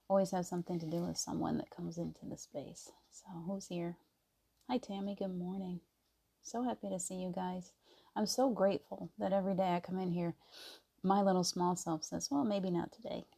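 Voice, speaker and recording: A gentle woman hosts a casual live stream and chats with viewers, greeting each one by name. Her voice sits a little low and has a gravelly edge, with a warm, mellow tone. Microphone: device mic on a video stream.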